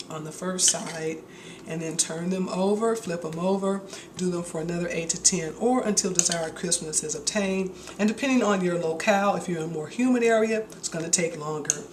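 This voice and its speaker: A woman's voice: on the low side, background noise. A woman hosting a casual home cooking video, chatty and enthusiastic as she demonstrates a recipe in her kitchen. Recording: echoey kitchen with dish clatter.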